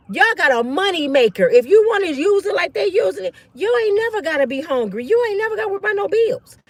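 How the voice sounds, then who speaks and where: A woman in her fifties with a high voice rants casually to her online viewers, her commentary blunt, slangy, and preachy. There's no room sound.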